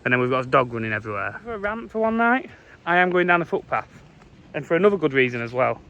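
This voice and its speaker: A man's voice: mid-range voice, big pitch swings, quick pace, highs cut off. A young man, a farmer, chatting casually while walking his fields and calling to his dog. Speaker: farmer vlogger. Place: outdoors in windy farm fields.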